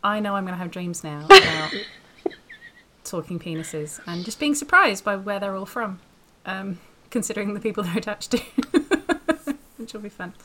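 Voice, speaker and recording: A woman's voice: medium pitch, lively intonation, moderate pace, sharp tone. A woman co-hosting a podcast in casual chat, playful and laughing often. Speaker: podcast co-host.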